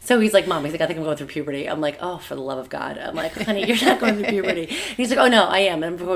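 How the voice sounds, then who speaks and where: A woman's voice: deep voice, animated, very fast, a crowd in the background. A woman in her thirties co-hosting a podcast, chatting casually with lots of fillers and laughing as she tells family stories. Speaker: podcast co-host. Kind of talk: casual chat.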